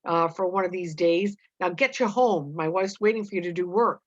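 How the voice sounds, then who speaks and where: A woman reads out a stern, blunt farmer who scolds in old-fashioned speech. The voice sits low and the recording is dull and dry. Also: normal speed, no room sound, lightly acted.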